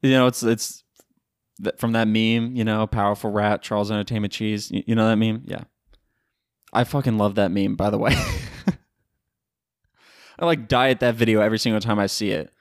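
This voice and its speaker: A man's voice: lowish voice, steady tone, moderate pace, pauses often, dry recording, studio quality. A young man from Florida hosting a casual solo podcast from home, joking and swearing in slangy chat. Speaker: podcast host. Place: home room by a window in a hurricane.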